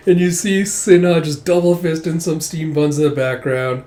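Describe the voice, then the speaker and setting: A man's voice: fairly high pitch, fairly even intonation, moderate pace, few pauses, mellow. A man casually reading a manga aloud with chatty commentary, laughing and swearing in his asides. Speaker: manga reviewer. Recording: roomy echo.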